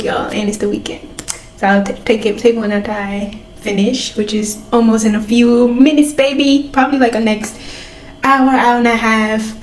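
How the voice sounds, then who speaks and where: A young woman chatting excitedly in a reading vlog, gushing and filling her talk with "like.". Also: fairly high pitch. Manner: excitable, gushing, drawn-out "like" fillers. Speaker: book vlogger. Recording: echoey room, faint background noise.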